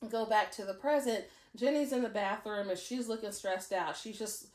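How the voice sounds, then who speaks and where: A woman co-hosting a casual drama recap, telling the story in an animated way and slipping into quoted voices. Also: mid-range voice, normal speed, roomy sound. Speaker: podcast co-host.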